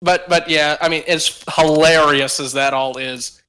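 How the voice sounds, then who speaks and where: A young man with a bright, somewhat high voice tells stories in a casual podcast chat. His talk is loose and profane. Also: fairly even intonation, measured pace, a little hiss or hum. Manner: profane, storytelling.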